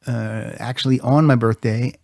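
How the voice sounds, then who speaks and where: A man hosting a podcast, telling a story in a lively, laughing way. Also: medium pitch, moderate pace. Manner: animated storyteller, laughs often. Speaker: podcast host. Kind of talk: casual podcast chat.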